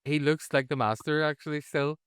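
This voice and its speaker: A man's voice: a little high, fairly quick, fairly bright tone, clear, resonant tone, no echo, studio quality. Cheeky Northern Irish man chatting. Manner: cheeky, bawdy joker. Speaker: podcast co-host. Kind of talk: casual chat.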